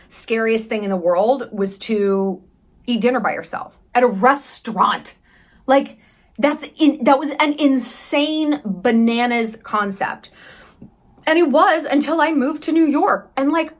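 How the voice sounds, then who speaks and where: A woman in her thirties from the United States, chatting candidly in a travel vlog, sarcastic and quick with profane asides. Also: on the high side. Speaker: vlogger. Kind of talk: casual travel vlog chat.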